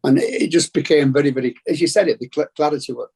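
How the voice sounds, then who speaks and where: Gravelly Yorkshire man, earnest. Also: on the high side, fast, darkish tone. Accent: Yorkshire, Bradford. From England. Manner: earnest, reflective, rambling. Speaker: meeting participant. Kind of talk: casual sharing.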